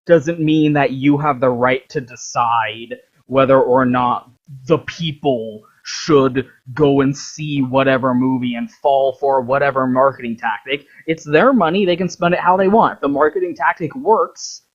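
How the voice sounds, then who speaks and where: Husky ranty vlogger, swears a lot, says like constantly, muffled lo-fi mic. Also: medium pitch, fairly even intonation, a little slow. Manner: profane, heated, filler-heavy. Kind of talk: casual ranting monologue. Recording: dull lo-fi recording.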